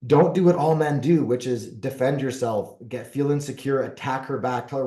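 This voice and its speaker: A man's voice: medium pitch, a little fast, hardly any pauses, dark tone, reverberant. A middle-aged man, a podcast guest, earnestly explaining relationship advice and often checking in with "right?". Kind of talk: conversational advice monologue.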